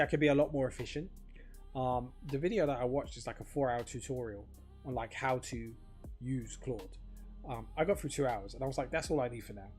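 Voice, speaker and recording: A man's voice: medium pitch, a little mellow. A man talking casually to camera in a rambling, filler-heavy monologue, swearing freely. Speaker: crypto vlogger.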